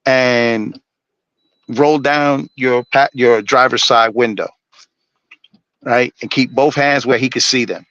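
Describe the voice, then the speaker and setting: A man's voice: mid-range voice, fairly even intonation, slow pace, long pauses, a bit bright, dry recording, lo-fi sound. A man ranting on a live stream, blunt and preachy, swearing constantly. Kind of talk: profane ranting monologue.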